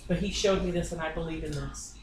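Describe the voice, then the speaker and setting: A woman's voice: low voice, fairly even intonation, fast, a little hiss or hum. A woman psychic medium giving a reading in someone's home, talking bluntly and insistently and swearing often. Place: inside a private home. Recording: echoey room, distant mic, faint ambience.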